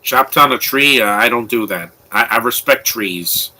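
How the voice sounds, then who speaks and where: A man's voice: medium pitch, normal speed, pushed and bright, poor audio. A man giving casual, opinionated live commentary on a movie, rambling with frequent restarts. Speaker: film commentator.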